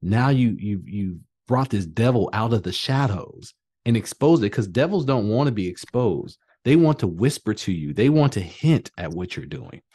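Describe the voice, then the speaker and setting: A man's voice: fairly low pitch, animated, normal speed, warm tone, slightly rough. A man hosting a podcast interview, enthusiastic and acting out quoted thoughts as he talks. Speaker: podcast host. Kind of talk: conversational interview.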